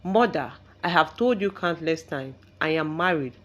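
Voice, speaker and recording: A woman voicing a frustrated, quick-tempered young husband in a storybook reading, in her own voice. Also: low-pitched, lively intonation, lo-fi sound. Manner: frustrated, angry.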